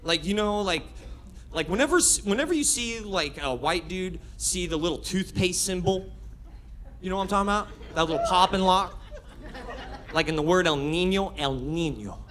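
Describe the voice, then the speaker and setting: Bright high-voiced male stand-up comic. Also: a little fast, slight background noise. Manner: energetic, conversational, frequent laughs and restarts. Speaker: stand-up comedian. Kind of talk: stand-up comedy set with crowd work. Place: comedy club stage.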